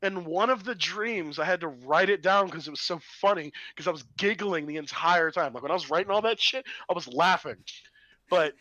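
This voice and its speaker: A man's voice: a little high, fairly quick, bright, forceful tone, no room sound, highs cut off. A man co-hosting a podcast in casual chat, rambling and swearing through his stories and laughing often. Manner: laughing, profane, rambling storytelling. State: recovering from illness. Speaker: podcast co-host.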